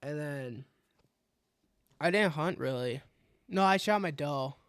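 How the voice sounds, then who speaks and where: Telling a hunting story on a podcast he co-hosts, a young man from Wisconsin acts out how he reacted, keeping the chat casual and animated. He speaks slowly at a fairly high pitch with a clean, slightly bright tone, recorded in studio quality without room sound.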